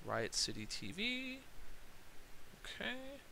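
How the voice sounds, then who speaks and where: Young male streamer, slow and very bright, excitable and profane, casual gaming chat. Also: very high-pitched, creaky, a little hiss or hum, rough recording. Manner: excited, profane, laughing often. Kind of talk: casual gaming livestream commentary.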